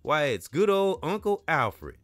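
A man's voice: fairly high pitch, very animated, a little slow, no echo, pitched above the performer's own voice. Man doing a big taunting street bully, jeering, raised voice, dry sound.

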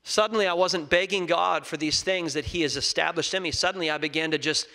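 A young man preaching a sermon, earnest, moving between loud emphasis and soft scripture reading. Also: on the high side, brisk. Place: church sanctuary. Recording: long reverb of a large hall.

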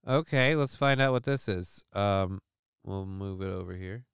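A man's voice: low-pitched, unhurried, clear, resonant tone, no room sound, studio quality. A man hosting a live stream show, talking casually and rambling through news stories in a crude, sarcastic way with lots of swearing.

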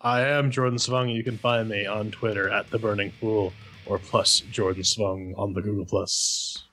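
A man's voice: fairly low pitch, steady tone, normal speed, fairly bright tone, faint music behind. A man co-hosting a gaming podcast in casual chat. He is wry and joking, and reads listener mail aloud. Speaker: podcast co-host.

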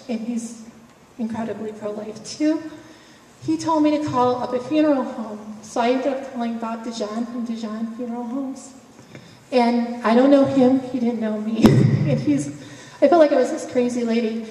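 Woman, fairly high voice, mellow tone, emotional personal testimony, conversational, echoey hall, heard from far off. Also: a little hiss or hum. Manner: emotional, conversational, laughs between phrases. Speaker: speaker sharing a personal story. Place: event hall.

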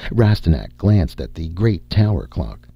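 Low husky guy reading an audiobook, dry dull sound. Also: no room sound. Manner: steady, measured reading. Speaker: audiobook narrator. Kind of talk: audiobook narration.

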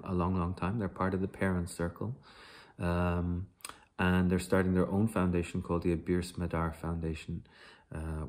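An author from Dublin with an Irish accent, speaking softly and haltingly to a festival audience after a reading. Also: male voice, sits low. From Dublin, Ireland. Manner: soft-spoken, halting.

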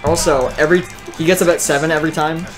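A man plays a game while chatting and eagerly points out details for his co-host. His voice sits a little on the higher side. Game music fills the background. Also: steady tone, fast. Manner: enthusiastic, explains game moves. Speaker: gaming host, player. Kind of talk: casual gameplay commentary.

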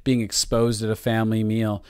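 A man's voice: on the low side, monotone, moderate pace, darkish tone, clean tone, dry recording, clean studio sound. A man co-hosting a podcast, talking casually with jokes and earnest stretches. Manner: joking, earnest, conversational. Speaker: podcast co-host.

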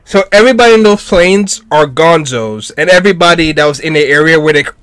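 A man reacting live to an anime, exclaiming and shouting at the screen. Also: on the high side, fairly quick, clean tone, no echo.

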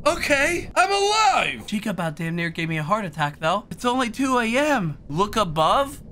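A man's voice: high voice, sing-song, moderate pace, pushed and bright, slight background noise. A young man playing a horror game and commentating, jumpy and joking, screaming at the scares. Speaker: gaming streamer.

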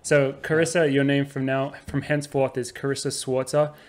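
Young male podcast co-host, casual and teasing, mid-range pitch. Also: flat delivery, normal speed. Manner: teasing, upbeat banter. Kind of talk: casual chat.

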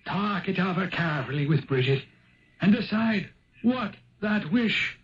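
An actor playing an ancient male Viking spirit turned Irish, who talks gravely in measured riddles for a 1970s radio drama. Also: high voice, expressive. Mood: solemn. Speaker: Old Man of the Rock. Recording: dull lo-fi 1970s radio broadcast.

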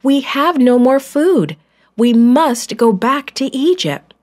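Anxious pleading brothers in a kids' bible story, higher and urgent, voiced by a woman. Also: lively intonation, slow pace, darkish tone. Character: frightened group of grown brothers.

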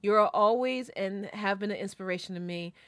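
A woman's voice: mid-range voice, fairly quick, fairly bright tone, no echo. A woman streamer reading birthday messages aloud, emotional and tearful, laughing between lines. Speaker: VTuber streamer.

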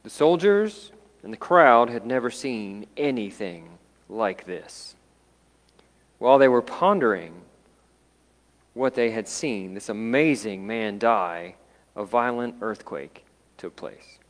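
A man delivers a sermon in a deliberate, unhurried way. His voice swells and then sinks to near quiet. A long reverb from a church sanctuary trails behind every phrase. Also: fairly low pitch, lively intonation. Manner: slow, dramatic, dropping to hushed tones. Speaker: pastor.

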